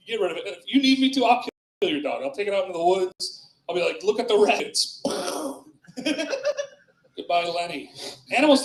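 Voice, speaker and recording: A man doing a loose, rambling stand-up set with crowd work in a small club, often laughing at his own jokes. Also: high voice. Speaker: stand-up comedian. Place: small club with live audience. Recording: echoey club room.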